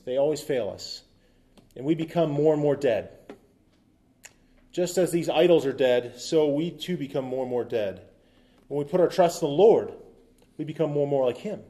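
A man's voice: fairly high pitch, mellow. A man preaching a sermon as pastor, talking conversationally with asides and quips, and reading scripture aloud with emphasis.

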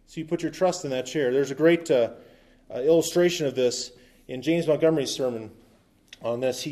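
A man's voice: on the high side, mellow. A man preaching a sermon as pastor, talking conversationally with asides and quips, and reading scripture aloud with emphasis.

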